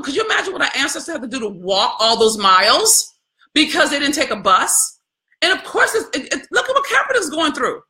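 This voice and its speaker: A woman delivers impassioned live-stream commentary in a bright, forceful voice that sits a little high. She talks to her viewers in colloquial, preachy bursts. She also reads their comments aloud between points. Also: sing-song, a little fast. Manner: colloquial, addresses viewers as y'all. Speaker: host of a live video.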